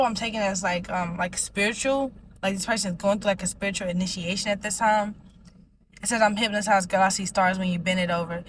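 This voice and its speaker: A tarot reader gives a casual reading in a rambling way, leaning heavily on "like" and other fillers. Her voice is medium-pitched, with slight background noise and a rough recording.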